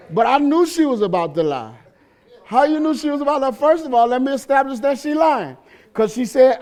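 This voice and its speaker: A man preaching a sermon as pastor in a church. He delivers it with animated shouting, humor and call-and-response questions to the congregation. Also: very high voice, moderate pace, some chatter behind.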